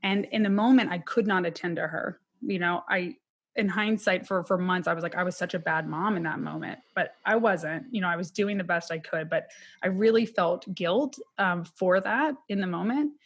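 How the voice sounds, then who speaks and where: A woman's voice: on the low side, normal speed. A woman, a criminologist and podcast guest, telling a personal loss story in an earnest, candid and emotional way.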